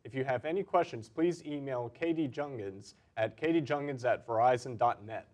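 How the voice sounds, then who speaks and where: A teenage boy reading school announcements in a steady, clear manner as a student announcer. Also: medium pitch, normal speed. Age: teens. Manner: steady, clear read with stressed headlines.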